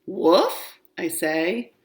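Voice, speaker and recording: A woman's voice: on the low side, big pitch swings, extremely slow, echoey room, heavily acted. A woman reading aloud, voicing a stubborn little girl who pretends to be a puppy and barks and growls playfully.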